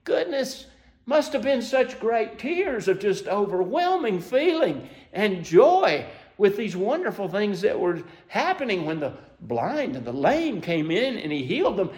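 A man preaching a sermon, telling the story emotively and asking listeners to imagine themselves there, climbing to excited peaks and then dropping soft. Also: sits high, unhurried. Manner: asks listeners to imagine scenes.

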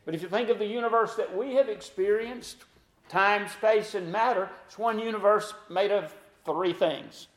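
High-voiced preacher in an echoey room. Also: male voice, normal speed. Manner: dramatic swings between loud emphasis and hushed quiet; quotes scripture in old-fashioned cadence. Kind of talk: sermon.

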